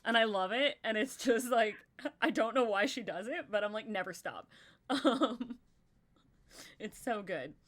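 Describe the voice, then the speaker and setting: A woman's voice: on the high side, expressive, measured pace, fairly bright tone. A young woman co-hosting a live stream, chatting casually with a rambling flow and many fillers. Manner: rambling, lots of filler likes. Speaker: podcast co-host.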